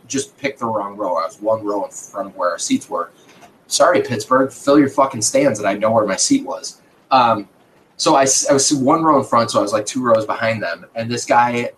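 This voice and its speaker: A man's voice: on the low side, fairly bright tone, slight background noise, poor audio. A man host telling a casual story in a podcast chat, swearing freely and breaking into laughter.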